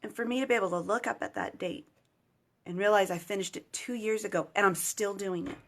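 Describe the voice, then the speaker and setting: A woman's voice: medium pitch, brisk, a bit bright. A woman in her thirties gives a heartfelt motivational vlog to other mothers, speaking straight to her viewers. Her voice sits in an ordinary middle register. She is earnest and encouraging, and the talk stays casual and personal. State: choked up with emotion at times. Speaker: certified mentor speaking to moms.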